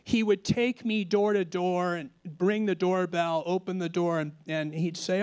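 A man's voice: high-pitched, normal speed, darkish tone, clear, resonant tone, dry recording. A man in his fifties telling a personal story as a guest on a conference panel, acting out quoted lines as he goes. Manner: anecdotal, with voiced quotes and restarts. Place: conference stage.

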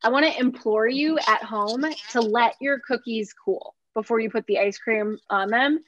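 Woman host, chatty and upbeat, slightly high voice, dull muffled video-call sound. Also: normal speed, fairly bright tone, no room sound. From Minnesota, USA. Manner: chatty, upbeat, laughs often. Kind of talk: casual chat on a video call.

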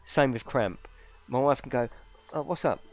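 A man's voice: medium pitch, moderate pace. A man hosting a live racing stream from his home rig, chatting casually with viewers, swearing and exaggerating as he talks.

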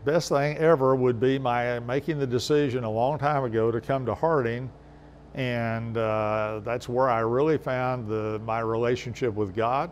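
An older man from New Mexico, a university president, answering interview questions at home in a gentle, unhurried, folksy way. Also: mid-range voice, muffled recording, a little hiss or hum. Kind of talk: casual interview. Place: home, indoors.

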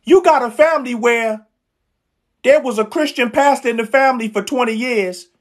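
A woman with a slightly high voice, speaking at normal speed, preaches live in a street-style sermon streamed online. Her delivery is fervent and emphatic, with repeated lines, slang, and direct calls to her listeners.

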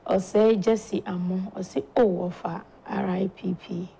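A Ghanaian woman hosting a talk show, slowly and softly reading out viewer condolence messages in a studio. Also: mid-range voice, steady tone, vocal fry, breathy edge, low-quality recording. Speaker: show host. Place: broadcast studio.

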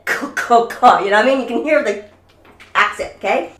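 A woman's voice: on the high side, brisk, echoey room, distant mic. A woman teaching violin over a video call, coaching a student and singing rhythms aloud. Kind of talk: online music lesson.

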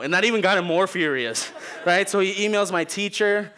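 A man's voice: high voice, a little fast. A young man preaching a sermon, telling a funny story and acting out the people in it. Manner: animated, jokey, acts out people in the story. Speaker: pastor.

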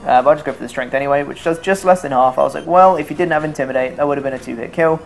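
A man's voice: fairly high pitch, racing, vocal fry, faint music behind. A young man giving casual, self-mocking commentary over his own video game run, swearing freely. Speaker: let's play commentator.

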